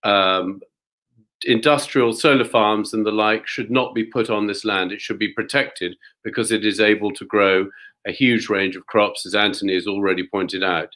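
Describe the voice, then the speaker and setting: A man with a somewhat low voice talks politely, explaining things step by step. His delivery is measured and courteous. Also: fairly even intonation, fairly bright tone. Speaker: local farmer guest. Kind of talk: prepared talk at a community event.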